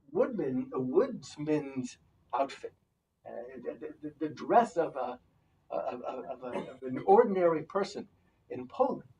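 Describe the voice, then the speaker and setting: A man telling a folk tale to his congregation in a halting, lively way, often repeating words, in a synagogue sanctuary. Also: fairly high pitch, slightly rough, distant mic, low-quality recording. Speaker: storyteller.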